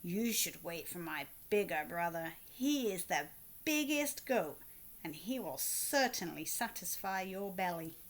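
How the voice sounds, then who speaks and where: A woman voicing a calm, clever middle billy goat who reasons in a steady voice. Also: unhurried. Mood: reasoning. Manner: steady and reasoning, raised pitch.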